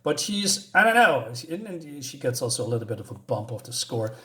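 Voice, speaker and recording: A man's voice: mid-range voice, sing-song, fairly quick, pushed and bright. A man casually reviewing a comic book, rambling with fillers and restarts, chuckling now and then.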